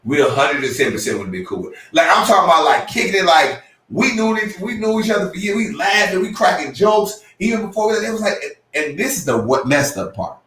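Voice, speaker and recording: A man co-hosting a podcast, telling a story with lively acted-out quotes and sudden jumps in pitch. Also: a little fast, hardly any pauses, distant mic. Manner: excitable, acts out quotes with big pitch jumps. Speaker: podcast co-host. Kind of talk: animated storytelling. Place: room at a live podcast show. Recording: roomy, from off the mic.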